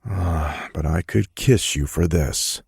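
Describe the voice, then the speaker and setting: A man's voice: low-pitched, takes it slowly, vocal fry, darkish tone, breathy edge, dry recording, studio quality, exaggerated voice. A man voicing a joking, crude adult male friend in an audiobook.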